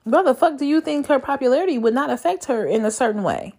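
A young woman vlogging in a loose, swearing rant about dating apps. Her voice swings widely, dropping low and then shooting up into incredulous squeaks. She sounds exasperated and talks straight to her viewers. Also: brisk. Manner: animated, profane, exasperated storytelling with sudden high squeals of disbelief. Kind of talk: casual storytelling rant.

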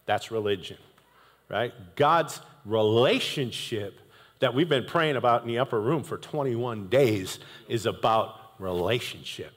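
A male pastor preaching a sermon in an animated, conversational way, with jokey asides. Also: mid-range voice, measured pace. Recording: echoey hall reverb.

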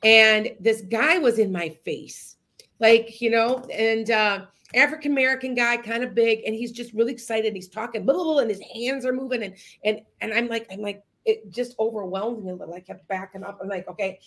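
A woman with a fairly high, slightly bright voice speaks at a moderate pace as a psychic medium hosting a podcast. She tells her listeners stories in a casual, rambling monologue full of restarts and asides.

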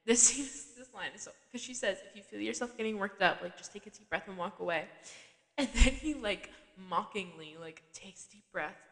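A woman's voice: medium pitch, fast, a bit bright, long reverb tail. A woman hosting a podcast, recapping a TV episode in casual, chatty talk, laughing often and filling her speech with "like". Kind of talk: casual chat.

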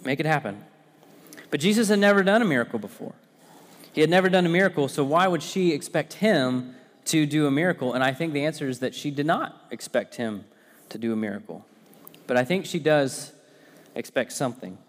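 A man's voice: fairly high pitch, lively intonation, a little fast, in a large hall. A man, a pastor, giving a conversational sermon full of personal stories, with frequent fillers and restarts.

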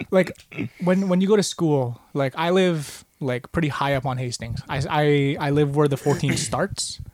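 A young man, telling a story to friends in casual chat. His voice jumps high when he acts out quotes. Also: a little mellow, dry recording.

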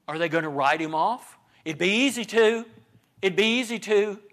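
A man's voice: high-pitched, expressive, moderate pace, fairly bright tone. A man teaching a Bible study class, repeating phrases for emphasis and asking rhetorical questions.

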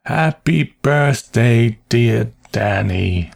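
A man voicing a drunk, despairing grown man who pleads and sings hoarsely and miserably. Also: medium pitch, animated, unhurried, voice pushed up. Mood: miserable.

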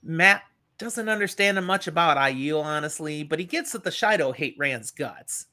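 A man's voice: a little high, expressive, moderate pace, bright, forceful tone. A middle-aged man hosting a casual book discussion, animatedly retelling the plot and acting out the characters. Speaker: podcast host.

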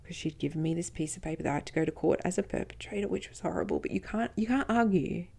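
A woman with a low, gravelly voice tells a personal story on her podcast. She acts out each exchange and slips into a hushed whisper at tense moments. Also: animated, fast. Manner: recounting events, quoting others in dialogue, occasional whispering. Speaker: podcast host.

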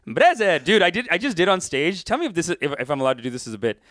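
A man's voice: a little high, rapid-fire, dry recording, studio quality. A man who co-hosts a podcast and does stand-up comedy, chatting casually, laughing a lot and slipping into bits. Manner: animated, laughing, breaks into act-outs.

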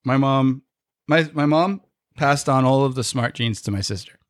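A man's voice: medium pitch, normal speed, no echo, studio quality. A young man, a podcast guest, chatting casually in a rambling, self-mocking way with lots of laughter.

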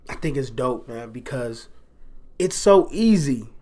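A man's voice: medium pitch, animated, unhurried, mellow. A man hosting a casual faith podcast, talking in a loose, rambling, slangy way with sarcastic asides and frequent laughs. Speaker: podcast host.

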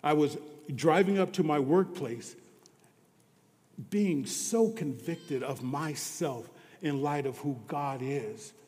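A man preaching a sermon as pastor, earnest, moving between hushed and emphatic delivery. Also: a little high, slow pace. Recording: long reverb of a large hall.

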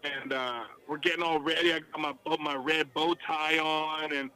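A man telling stories as a country singer guest in a casual podcast chat, excitable and slangy with lots of restarts. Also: a little high, moderate pace, clear, resonant tone, low-quality recording.

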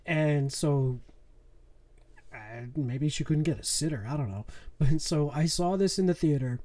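A man's voice: on the high side, measured pace, mellow. A man co-hosting a podcast, chatting casually and telling personal stories with laughter. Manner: chatty storyteller, laughs along. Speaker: podcast co-host. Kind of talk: casual chat about horror movies.

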